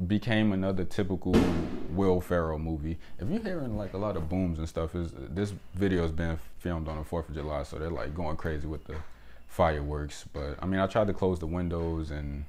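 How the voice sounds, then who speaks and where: A man's voice: low voice, normal speed, mellow, slight background noise. A man hosting his own channel, giving a casual spoken movie review from indoors at home, opinionated and chatty with lots of "you know" and "like". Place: indoors at home with windows closed.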